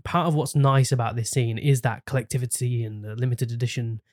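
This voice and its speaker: An easygoing male podcast host with a mid-pitched voice, recorded dry and close. He agrees readily and hedges his points with small fillers. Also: fairly even intonation, a little fast, darkish tone, dry recording. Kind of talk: casual podcast interview.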